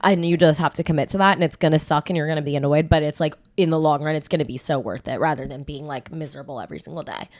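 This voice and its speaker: Young woman with a lowish voice. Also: rapid-fire, hardly any pauses. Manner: frank, advice-giving, casually profane. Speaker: podcast co-host. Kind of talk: casual chat.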